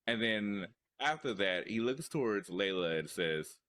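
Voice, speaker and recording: Deep, slow-speaking male player. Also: animated, a bit bright. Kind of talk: playing a tabletop game.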